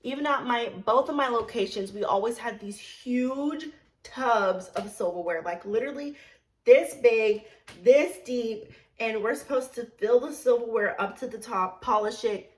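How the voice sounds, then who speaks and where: A young woman telling a story about a past job in a casual, blunt way, swearing freely and filling with "like", dropping low and quiet, then rising loud and indignant. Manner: chatty, blunt, swears freely, many "like" fillers. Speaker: vlogger telling a work story.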